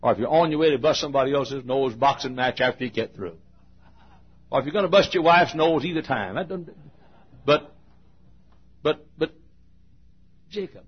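Husky male preacher, revival sermon, loud then quiet, kinda sing-songy, lo-fi tape. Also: mid-range voice, normal speed, pauses often. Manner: dramatic swings from shouting to hushed, sing-song chants.

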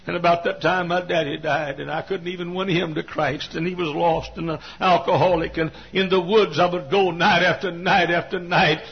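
An older pastor preaches with fervor, his high voice climbing as the story builds. The sermon recording sounds dull and lo-fi. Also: moderate pace. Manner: fervent storytelling preacher, rising to cries.

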